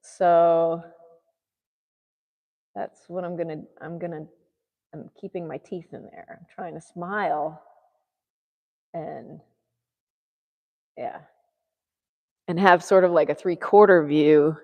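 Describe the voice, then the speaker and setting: Chatty woman with a gravelly low voice. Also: fairly even intonation, takes it slowly, pauses often, darkish tone, long reverb tail. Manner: chatty, rambling, thinks aloud. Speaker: artist livestreaming a painting session. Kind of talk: casual chat while painting.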